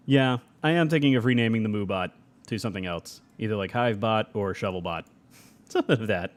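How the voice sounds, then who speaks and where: A man's voice: fairly low pitch, a little fast. A young adult man streaming a game live, chatting casually, reading chat aloud and laughing often.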